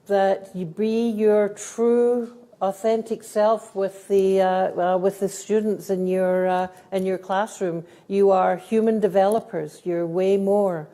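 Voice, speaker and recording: With a mellow, medium-pitched voice, this middle-aged Scottish woman guest speaks at a live event for teachers. Earnest and quick to laugh, she tells stories and takes questions during a talk and Q&A.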